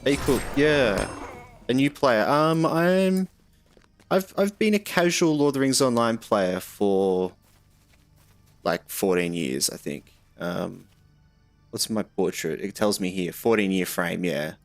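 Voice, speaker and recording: A man's voice: on the low side, animated, slow pace, no echo, faint music behind. A young man chatting casually while streaming a game, rambling and answering chat.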